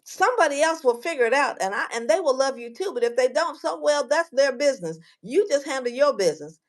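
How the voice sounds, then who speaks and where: Woman guest author, high-pitched, lively casual storyteller who performs the voices she quotes. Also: quick pace. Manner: animated, acts out quoted voices, repeats words.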